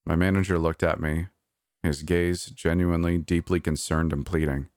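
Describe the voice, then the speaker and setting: A man narrating a first-person story in a steady, earnest reading. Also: low-pitched, normal speed, no room sound, clean studio sound.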